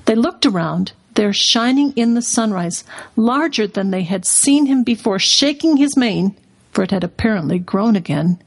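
A woman reading a storybook aloud as a guest on a radio talk show in an expressive storytelling manner. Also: mid-range voice, normal speed, vocal fry. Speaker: guest, curriculum company president.

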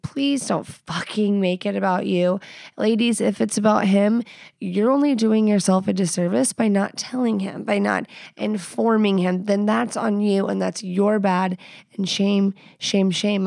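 A woman's voice: medium pitch, vocal fry, darkish tone, dry recording, clean studio sound. A woman hosting a podcast, giving blunt, profane, playful advice in a casual chat. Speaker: podcast host.

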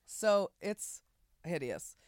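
A man co-hosting a podcast, chatting casually and profanely about politics in a rambling, animated way. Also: high voice, drawn-out words, no echo, clean studio sound. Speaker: podcast co-host.

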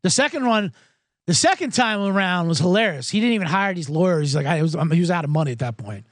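Animated, high-voiced sarcastic male host. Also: fast, no room sound, clean studio sound. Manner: profane, sarcastic, acts out quoted voices. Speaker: podcast host. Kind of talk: comedic storytelling rant.

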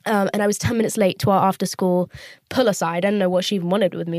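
A woman's voice: mid-range voice, steady tone, brisk, dry recording, clean studio sound. Chatty woman, candid and profane. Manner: candid, chatty and profane, acting out quoted voices. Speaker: podcast host. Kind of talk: casual storytelling monologue. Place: inside a parked car.

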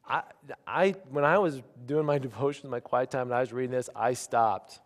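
A man in his forties preaches to a congregation with a mid-range voice. He drops to near-whispers for intimate asides, then builds to loud, emphatic declarations. His voice rings out with the long reverb of a large hall. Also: medium pitch, moderate pace. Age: 40s. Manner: animated preaching, swinging from quiet asides to loud emphatic lines. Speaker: pastor. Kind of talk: sermon.

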